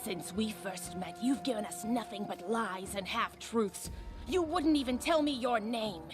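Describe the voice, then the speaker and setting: A woman's voice: on the high side, unhurried, lightly acted. A woman voicing a fanatical, vengeful female cult priestess in a video game, declaiming accusations. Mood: accusing. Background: game music.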